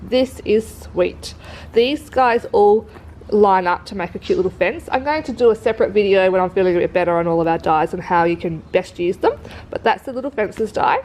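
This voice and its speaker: A woman's voice: mid-range voice, expressive, moderate pace, darkish tone, slight background noise, poor audio. A woman with an Australian accent, who says she is sick, chattily walking through a craft kit and gushing over each item. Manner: chatty, gushing, lots of fillers. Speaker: craft shop presenter. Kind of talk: casual product walkthrough. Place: work premises.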